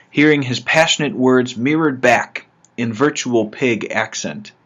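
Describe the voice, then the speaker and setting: A man, a religious brother, giving a scripted spiritual reflection in a measured, reflective and gently humorous way. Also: mid-range voice, husky. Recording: dull lo-fi recording.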